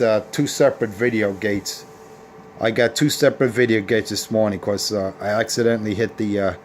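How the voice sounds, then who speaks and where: A man's voice: on the low side, darkish tone, a little hiss or hum. Boastful, taunting man on a CB radio show. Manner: boastful, taunting trash talk. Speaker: CB radio operator and channel host. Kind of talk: casual radio banter video.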